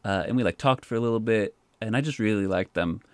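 Animated young man telling a story. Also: fairly low pitch, quick pace, no room sound. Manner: animated, says "like" often. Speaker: park poet, guest. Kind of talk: casual storytelling.

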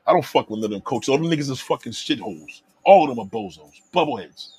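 Heated husky man ranting at chat. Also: medium pitch, animated, quick pace. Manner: loud, heated, swearing, rhetorical questions, repeats himself. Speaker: livestream host reacting to chat comments. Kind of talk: profane livestream rant.

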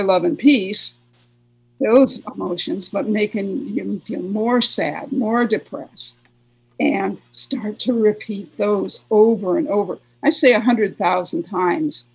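A woman's voice: mid-range voice, rough recording. A woman therapist giving advice in an interview, talking earnestly and acting out the inner voices she describes. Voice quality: gravelly, husky. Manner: earnest, repeats phrases, acts out inner voices. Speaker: therapist guest.

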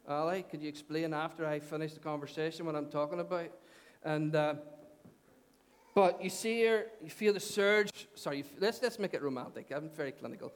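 Male pastor, high voice, chatty sermon full of questions to the room, long hall echo. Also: a little fast. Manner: conversational, repeats phrases, asks the congregation questions. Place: church hall. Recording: long church hall reverb.

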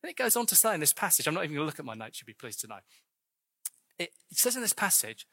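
Male preacher, high and bright, fervent sermon with light asides, long church reverb. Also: very animated, racing, husky. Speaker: visiting preacher.

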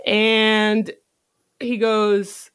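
A podcast host telling a story in casual chat, animated and profane, often laughing. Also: mid-range voice, drawn-out words, smooth, no room sound.

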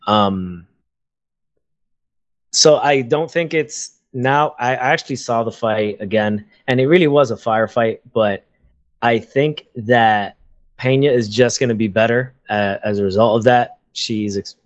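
A man co-hosting a podcast, talking casually and haltingly with many pauses and ums. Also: mid-range voice, lo-fi sound. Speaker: podcast co-host.

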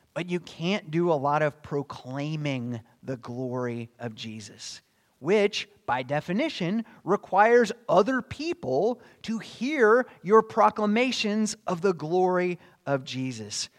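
A man preaching a sermon as a pastor, earnest, asking rhetorical questions and building to bursts of emphasis. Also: on the high side.

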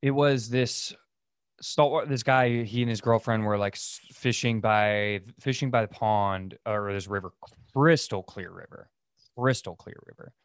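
A man's voice: on the low side, a little slow, smooth, dry recording. A man hosting a casual solo podcast, rambling through stories with lots of fillers and restarts. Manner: rambling, filler-heavy, loose storytelling. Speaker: podcast host.

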